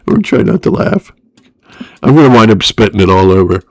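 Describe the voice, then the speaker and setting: A man's voice: fairly low pitch, very animated, moderate pace, creaky. A man livestreaming in a crude, rambling, profane way, often laughing at himself. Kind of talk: crude casual stream chatter.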